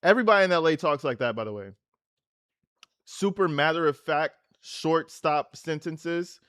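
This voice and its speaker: A man's voice: on the high side, moderate pace, fairly bright tone, clear, resonant tone, dry recording, clean studio sound. A man hosting a livestream, reacting to a clip with profane, slangy, mocking rants. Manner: slangy, casual. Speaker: livestream host.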